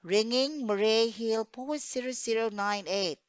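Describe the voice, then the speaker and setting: A woman's voice: on the high side, a little slow, clear, resonant tone, no echo, natural voice. A woman teacher reading the lines of a polite telephone operator from a radio play script. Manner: read aloud from a script. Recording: dull dry recording.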